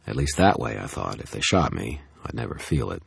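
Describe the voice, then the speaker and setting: A man reads a first-person audiobook in a wry, tense storytelling manner. His voice is extremely low with a husky grain. The recording is close and dry. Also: very animated, fairly quick, dry recording. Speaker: audiobook narrator.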